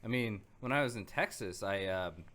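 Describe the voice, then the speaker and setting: A man's voice: lowish voice, animated, normal speed, a bit bright. A man co-hosting a casual podcast, rambling through stories with many fillers and restarts. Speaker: podcast co-host. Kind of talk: casual chat.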